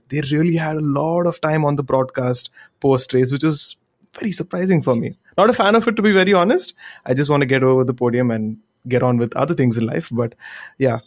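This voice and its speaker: A man's voice: medium pitch, fairly quick, darkish tone. A man co-hosting a motorsport podcast who gives candid opinions in a plain, hedging way with fillers. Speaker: podcast co-host. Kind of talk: casual chat.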